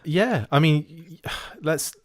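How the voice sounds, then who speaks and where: A man's voice: fairly high pitch, no room sound, studio quality. A man hosting a casual podcast chat, enthusiastic and full of praise. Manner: enthusiastic, quick to laugh and praise. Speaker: podcast host.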